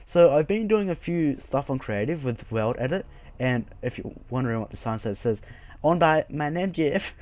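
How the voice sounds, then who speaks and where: A man's voice: mid-range voice, animated, normal speed, a little mellow. A young man hosting a casual game video, chatty, rambling and jokey as he walks through his build. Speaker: Minecraft server video host. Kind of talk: casual gameplay commentary.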